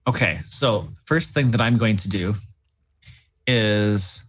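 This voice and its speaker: A man's voice: lowish voice, slow pace, a bit bright. Flustered, exclamatory man at the table. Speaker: player. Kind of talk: tabletop game chat.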